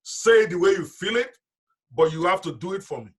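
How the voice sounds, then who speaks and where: A man's voice: high-pitched, moderate pace, breathy edge. A man leading a live online business seminar, talking directly and emphatically to his audience over a video call.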